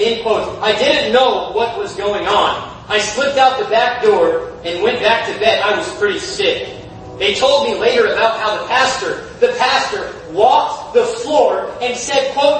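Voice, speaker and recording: High-voiced fervent preacher in a very echoey room. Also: male voice, unhurried. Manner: impassioned, builds to shouting, repeats phrases for emphasis. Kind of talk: fervent revival sermon. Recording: very echoey, distant from the mic, faint background noise.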